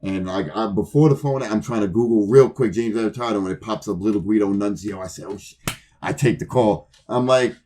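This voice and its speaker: Podcast co-host, low voice, casual swearing storyteller who plays every part of his anecdotes himself. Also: fairly quick, mellow. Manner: profane, rambling, acts out both sides of conversations.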